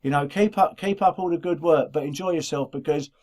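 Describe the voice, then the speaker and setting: A man's voice: fairly high pitch, a little fast, darkish tone. Chatty middle-aged Black Country man. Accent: Black Country English. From England. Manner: rambling, repeats words and restarts often. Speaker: podcast co-host. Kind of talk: casual chat.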